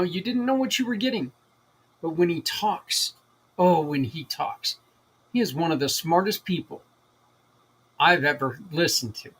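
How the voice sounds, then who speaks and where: A middle-aged man hosting a community livestream talks in a loose, rambling way, full of enthusiasm and restarts. His voice sits a little higher than most men's. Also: a bit bright. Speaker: host. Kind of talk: casual livestream talk.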